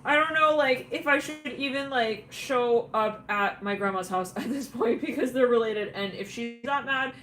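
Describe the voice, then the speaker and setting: A woman's voice: on the high side, normal speed, hardly any pauses, a bit bright, reverberant, soft background music, pitched above the performer's own voice, lightly acted, rough recording. A woman voicing an upset young person whose mother is angry, speaking in an anxious, hesitant way.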